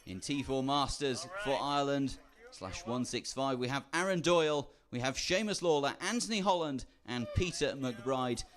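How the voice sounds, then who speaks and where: A man's voice: mid-range voice, lively intonation, moderate pace, few pauses, a bit bright. A man commenting on a kart race, steadily reading out drivers by nation with a few dry asides. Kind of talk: reading out entry lists.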